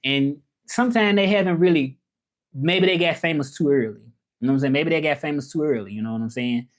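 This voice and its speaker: A man's voice: on the high side, a little fast. Southern American man chatting on a livestream. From Southern United States. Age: 30s. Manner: loose, repetitive, conversational, keeps saying "you know what I'm saying". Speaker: livestream host. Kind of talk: casual livestream chat answering comments.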